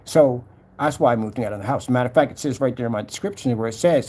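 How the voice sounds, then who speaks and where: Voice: medium pitch, fast talker, mellow. A vlogger ranting casually to camera, scolding and mocking a troll while reading his comments aloud.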